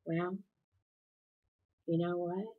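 A woman voicing a kind teenage boy who speaks softly and gently, in a dull lo-fi recording. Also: lowish voice, fairly even intonation, extremely slow, slightly rough, heavily acted. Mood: gentle. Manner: soft and gentle.

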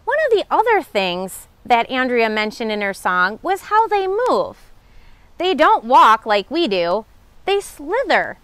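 Lively high-voiced naturalist woman. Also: measured pace, no room sound. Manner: friendly, explains patiently with lively questions. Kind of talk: educational talk for children.

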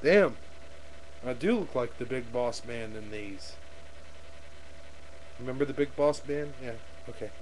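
A man's voice: medium pitch, a little slow, pauses often, a little mellow, poor audio. Rambling, swearing young man on a webcam. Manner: rambling, swearing, self-mocking. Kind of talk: casual webcam vlog. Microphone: webcam microphone.

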